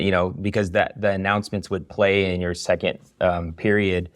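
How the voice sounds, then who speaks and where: Brisk and barely pausing, a low-pitched man in his thirties chats casually as a podcast guest who teaches video. He spins his story energetically, peppered with "you know," and the studio-quality recording has no echo.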